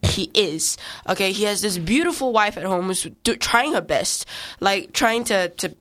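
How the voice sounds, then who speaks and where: A woman's voice: medium pitch, animated, moderate pace, a bit bright. Chatty woman reviewing films. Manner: chatty, laughs often, rambling retelling. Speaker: film review co-host. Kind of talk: casual chat.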